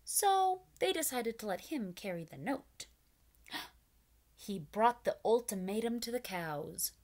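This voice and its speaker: A woman reading a picture book aloud to preschoolers, pausing to explain words and invite the children to join in. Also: fairly high pitch, expressive, a little mellow. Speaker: children's storyteller.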